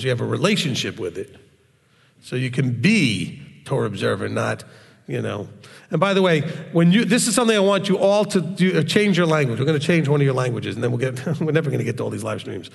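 A man's voice: medium pitch, gravelly, in a large hall. A man preaching in a blunt, straightforward way on a live stream, often mocking other voices. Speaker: religious teacher.

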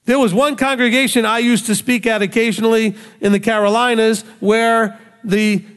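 A man preaching with a high-pitched voice, pressing his point with rhetorical questions and acting out the voices he quotes. His voice rings out with a long reverb behind it. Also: fairly even intonation, moderate pace, a bit bright, clear, resonant tone. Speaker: rabbi. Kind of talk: sermon.

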